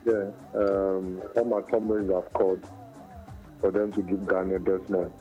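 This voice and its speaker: A man's voice: sits low, flat delivery, measured pace, faint music behind. A man with a Nigerian accent calling in to a radio show, complaining and mixing in Pidgin. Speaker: caller. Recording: dull phone-in audio over radio.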